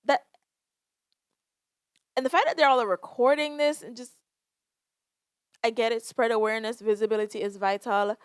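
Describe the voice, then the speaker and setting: A woman's voice: fairly high pitch, steady tone, normal speed, pauses often, clean tone, no room sound, clean studio sound. A young woman hosting a solo podcast, talking candidly and emotionally with frequent sighs and swearing. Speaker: podcast host. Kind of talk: casual solo podcast talk.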